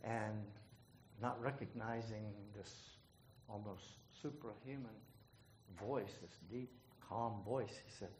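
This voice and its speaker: A man moderating a leadership forum, telling a joke in a folksy way and introducing the next speaker, clearing his throat often. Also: lowish voice, fairly even intonation, measured pace, a little mellow. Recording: echoey room with faint noise.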